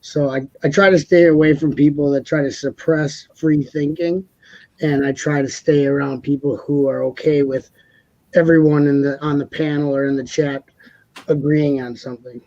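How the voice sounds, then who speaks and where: A man's voice: a little high, steady tone, normal speed, dark tone, no echo, dull audio. A man co-hosting a casual live stream panel, talking in a rambling way, repeating words and laughing often.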